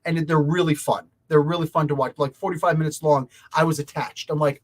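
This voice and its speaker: A man's voice: fairly high pitch, steady tone, fairly quick, a little hiss or hum. A man hosting a comic book review channel, giving a heated, rambling opinion rant straight to his viewers.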